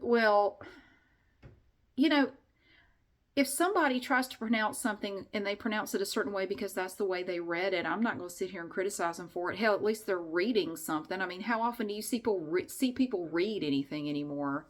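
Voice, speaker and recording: Speaking fairly quickly at a medium pitch, a middle-aged woman chats casually in a vlog. She's frank and rambling, with frequent restarted sentences and mild swearing.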